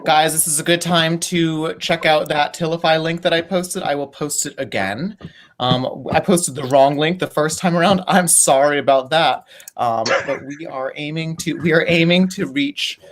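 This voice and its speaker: A man hosting a casual online chat, talking animatedly with frequent laughs over a video call. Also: a little high. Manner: giggly, animated, lots of "like". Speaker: host. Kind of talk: casual live-streamed chat.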